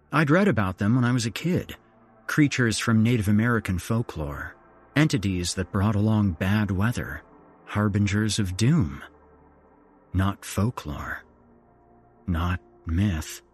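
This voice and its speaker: A man reading a first-person horror story in dramatic scripted narration. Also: lowish voice. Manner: dramatic, expressive. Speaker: horror podcast host.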